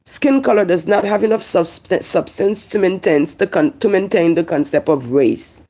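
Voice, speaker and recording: A woman from Haiti with a Haitian accent speaks to camera in a heated, emphatic monologue. Her voice is gravelly with a lot of fry, and her tone is dark and mellow. She keeps repeating her points and asking rhetorical questions. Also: lowish voice, normal speed. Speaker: online commentator.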